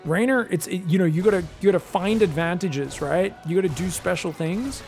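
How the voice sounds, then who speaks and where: Male esports caster, higher voice with gravel, excitable, talks straight to viewers. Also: a little fast, faint music behind. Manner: excitable, bursts into loud shouts at big plays; chatty, addresses viewers directly. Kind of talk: live game commentary.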